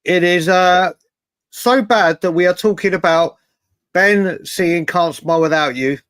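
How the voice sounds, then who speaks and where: A man's voice: high-pitched, a little slow, a bit bright, clean tone, dry recording, clean studio sound. A man co-hosting a casual football chat show, rambling with lots of restarts and the odd swear word. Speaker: podcast co-host.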